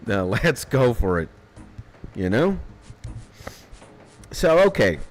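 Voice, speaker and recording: A man's voice: mid-range voice, very animated, extremely slow. A man chatting casually on a live gameplay stream, rambling, laughing often and swearing now and then. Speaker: game streamer. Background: faint retro game music.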